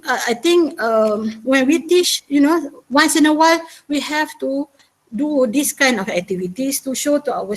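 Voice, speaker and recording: A university language lecturer presents a webinar on teaching listening, often closing her points with a checking "yeah?". Her voice sits high, and the audio is poor.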